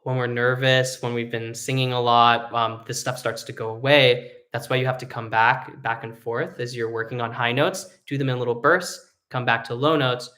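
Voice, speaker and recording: A man who sings tenor, teaching a live singing lesson in a relaxed, explanatory way, with hummed and sung demonstrations. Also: mid-range voice, normal speed, hardly any pauses. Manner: explains casually, demonstrates hums and sung vowels.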